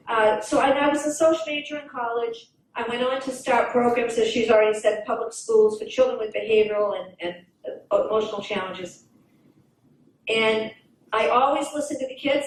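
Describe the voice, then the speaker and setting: Older woman, earnest storyteller, fairly high voice, roomy echo, heard from a distance. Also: a little hiss or hum. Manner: earnest, storytelling, pauses and restarts. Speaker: guest speaker. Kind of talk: personal talk with read-aloud poem. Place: banquet hall at a fundraising event. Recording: echoey hall, mic from far off.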